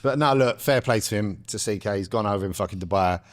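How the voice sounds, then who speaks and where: Low-voiced man, sweary banter. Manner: swears freely, fast London banter. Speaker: podcast co-host. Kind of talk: casual banter.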